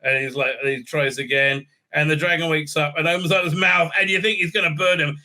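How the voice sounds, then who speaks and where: A man's voice: on the high side, fairly even intonation, a little fast, sharp tone. A man hosting a casual TV episode recap, rambling and joking with many stammered fillers. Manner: rambling, full of stammered fillers and repeated "right?"; irreverent, joking. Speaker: show recap host.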